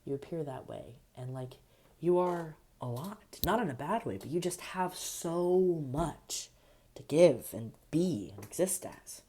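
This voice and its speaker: A young woman talking casually and earnestly to camera, meandering through thoughts with fillers and soft laughs, in an affirming, spiritual way. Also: deep voice, lively intonation, unhurried. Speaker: vlogger. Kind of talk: casual reflective monologue.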